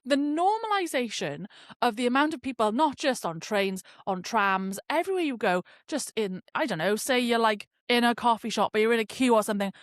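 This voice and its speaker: A woman's voice: on the high side, expressive, brisk, dry recording, clean studio sound. A young woman hosting a podcast, telling a story in a casual rant and swearing freely. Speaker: podcast host. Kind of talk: casual ranting monologue.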